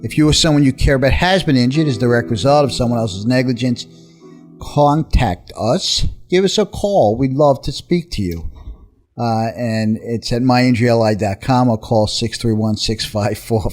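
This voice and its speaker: New man, radio host, brisk and upbeat, middle pitch. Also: darkish tone, faint music behind. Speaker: radio show host, personal injury attorney. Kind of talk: talk radio chat. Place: radio studio.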